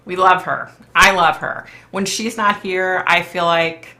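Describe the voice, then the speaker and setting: Low, gravelly woman rambling chattily. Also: fairly even intonation, unhurried, pushed and bright. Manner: rambling, chatty, full of "like" and "you know". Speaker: psychic medium; live-stream host. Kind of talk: casual live-stream chat.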